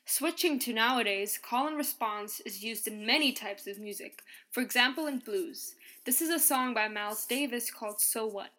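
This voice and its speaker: A woman narrating a scripted podcast in an even, explanatory tone, reading from a script and counting out beats aloud. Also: fairly high pitch, normal speed.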